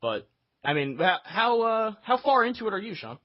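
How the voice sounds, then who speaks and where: A man's voice: sits high, big pitch swings, moderate pace, no echo. A man hosting a casual video game podcast, rambling with plenty of fillers. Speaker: podcast host. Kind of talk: casual chat. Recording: dull, dry lo-fi sound.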